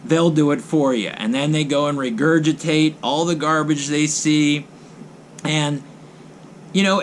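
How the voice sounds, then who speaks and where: Brief: a male vlogger on a blunt, repetitive rant, voice on the higher side. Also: a little hiss or hum. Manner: blunt, mocking, emphatic with repeated phrases. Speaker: vlogger host. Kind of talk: ranting commentary to camera.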